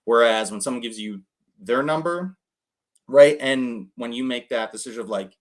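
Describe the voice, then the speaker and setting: A man's voice: on the low side, normal speed. Rambling young man coaching callers. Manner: rambling, heavy on fillers and quoted dialogue. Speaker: host coaching cold callers. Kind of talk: casual coaching talk.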